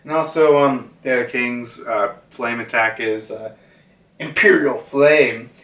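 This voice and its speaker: A young male manga reviewer recaps a comic chapter at home, rambling casually with lots of fillers and acting out the characters' lines. His medium-pitched voice is slow and a bit bright, and the roomy recording sounds distant.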